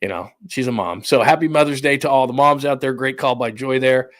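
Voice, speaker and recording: A man's voice: mid-range voice, fairly quick, a bit bright, no echo. A breathless, rambling man host in a dry room. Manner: rambling, loose, chatty, thinking aloud. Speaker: sports podcast host. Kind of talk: casual live-stream chat. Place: room at home under renovation.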